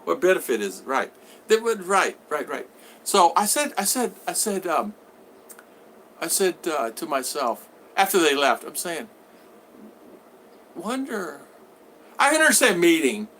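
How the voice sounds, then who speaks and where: A man's voice: on the high side, very animated, moderate pace, a bit bright, slight background noise. A man hosting a casual livestream from home, reading viewer comments aloud and answering them in a rambling way, with many restarts. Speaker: vlogger reading live chat.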